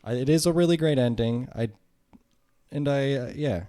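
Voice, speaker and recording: A man's voice: medium pitch, normal speed, no room sound, clean studio sound. A man co-hosting a podcast, chatting casually about a film, joking and acting out lines from it. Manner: relaxed, joking, acts out movie lines. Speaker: podcast co-host.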